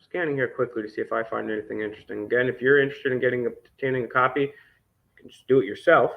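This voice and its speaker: A man's voice: medium pitch, steady tone, quick pace, vocal fry. A man vlogging as an independent news host, reading documents aloud with sarcastic, indignant commentary and frequent swearing. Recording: dull lo-fi recording.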